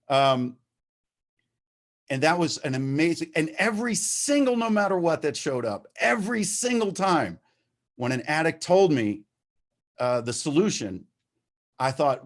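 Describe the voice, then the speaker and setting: A man's voice: on the high side, lively intonation, unhurried, pauses often. A man telling his story at a recovery meeting over a video call, talking candidly, swearing freely and getting worked up as he goes. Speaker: recovering addict sharing at a meeting. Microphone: video-call microphone.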